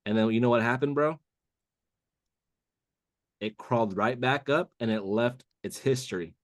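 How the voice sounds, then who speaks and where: On a live call, a trading mentor casually explains a trading chart to listeners, constantly calling them "bro." He talks at normal speed in a medium-pitched voice, captured in a dry, studio-quality recording.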